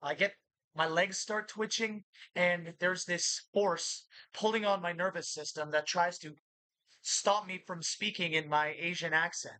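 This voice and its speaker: Bright-voiced woman ranting at her viewers. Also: fairly low pitch, steady tone, measured pace, no room sound, low-quality recording. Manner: agitated, accusatory, repetitive. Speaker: vlogger. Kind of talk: ranting monologue to camera.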